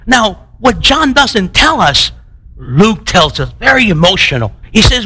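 A male pastor delivering a sermon in a high, bright voice that swings widely in pitch. He talks conversationally, piles up rhetorical questions, and repeats words as he restarts his phrases. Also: very animated, a little slow, husky, rough recording.

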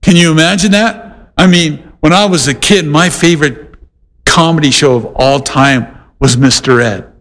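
A man preaching a sermon, animated and conversational, with playful voiced asides. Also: on the high side, moderate pace, long reverb tail, a little hiss or hum. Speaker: pastor.

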